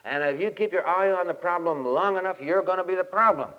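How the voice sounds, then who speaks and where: A man, a camp meeting speaker, giving a folksy sermon with lively storytelling and exhortation. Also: sits high, brisk. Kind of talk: folksy sermon with humorous anecdote. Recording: dull lo-fi 1967 tape, long hall reverb.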